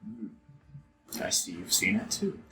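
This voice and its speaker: A man's voice: deep voice, sing-song, measured pace, bright, forceful tone, poor audio. Dry, sarcastic tabletop player, a man. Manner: dry, cool, sarcastic retorts. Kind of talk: tabletop role-play, in and out of character.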